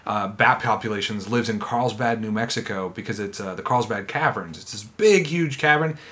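A man chatting casually on a podcast, telling animated stories with plenty of swearing and laughter. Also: on the low side, normal speed. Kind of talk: casual chat.

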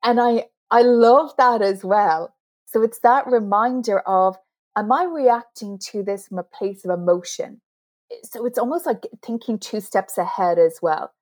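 A woman's voice: medium pitch, a little slow. A woman author as an interview guest, explaining communication skills earnestly and laughing at herself now and then. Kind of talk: interview conversation.

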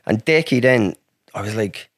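An Irish podcast guest with a fairly low voice and lively intonation tells a long personal story at a moderate pace, rambling, swearing heavily and often restarting. It's casual storytelling captured in clean studio sound with no room echo.

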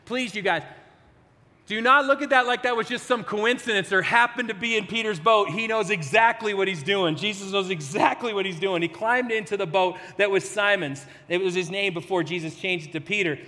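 A man's voice: high voice, fairly quick, bright, forceful tone, in a large hall. A man preaching a sermon in a conversational, storytelling way, acting out quotes as he goes.

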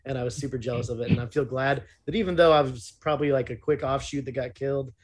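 A man's voice: medium pitch, steady tone, quick pace. Joking male podcast guest. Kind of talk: casual podcast chat.

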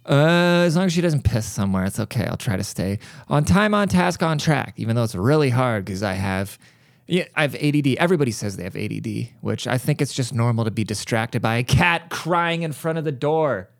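A man's voice: mid-range voice, expressive, brisk, creaky, no echo. Brief: male podcast host, casual rambling monologue, profane and jokey, dry close mic. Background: cat crying at times.

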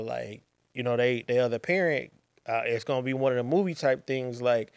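A man's voice: mid-range voice, normal speed, dry recording. Slangy man telling a story. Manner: rambling, repeats phrases, slangy asides. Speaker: podcast host. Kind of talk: casual storytelling monologue.

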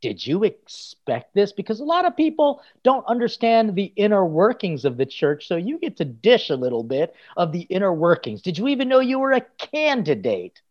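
Upbeat priest hosting a chat, higher voice. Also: male voice, wildly swooping pitch, highs cut off. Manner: upbeat, jokey, quick asides. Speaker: priest and podcast host. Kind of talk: casual interview chat.

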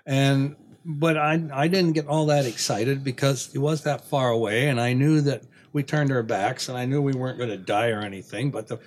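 A man's voice: mid-range voice, fairly even intonation, moderate pace, hardly any pauses, slight background noise. A man telling a long hunting anecdote in a folksy, rambling way, with frequent restarts. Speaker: guest storyteller. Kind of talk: casual anecdote.

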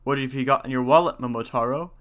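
A man voicing a loyal, gruff dog in a storybook, loud and barking. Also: medium pitch, fast, close to an everyday voice.

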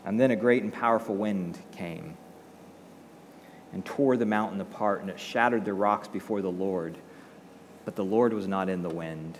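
A man's voice: sits low, moderate pace, slight background noise. Conversational male pastor, echoey hall. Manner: conversational, rhetorical questions, acts out quotes. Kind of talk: sermon.

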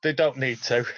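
A man's voice: mid-range voice, no room sound, lo-fi sound. A man who works in a care home, talking in a hesitant way with many fillers. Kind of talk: casual interview.

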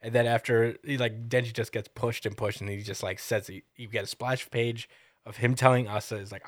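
A man's voice: medium pitch, brisk, no echo, clean studio sound. A man co-hosting a casual podcast, rambling through a chapter recap and acting out the characters' lines. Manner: rambling, quotes characters in a lively acted-out way. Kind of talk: casual chat.

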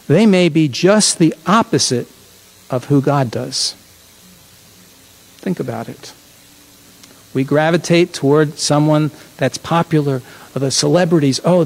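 Male preacher, high voice, folksy chatty sermon, self-correcting. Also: darkish tone, poor audio. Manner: folksy, conversational, corrects himself often.

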